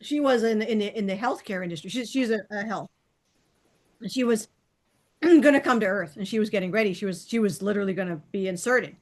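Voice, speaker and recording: A woman's voice: medium pitch, a little fast. A woman hosting a casual chat, telling rambling anecdotes with many restarts. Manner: chatty storyteller, rambling restarts.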